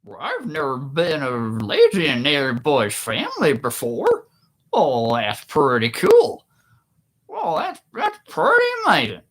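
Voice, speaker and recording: A man doing a gentle older man with a high froggy voice. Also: wildly swooping pitch, measured pace, breathy edge, heavily acted. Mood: friendly. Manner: high, soft and friendly.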